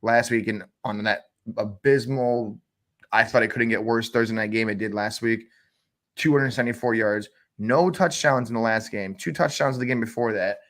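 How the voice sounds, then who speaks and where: A man co-hosting a fantasy football show, ranting in an animated, exasperated way with big jumps in pitch. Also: moderate pace. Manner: exasperated, uses cooking metaphors. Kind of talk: animated sports chat.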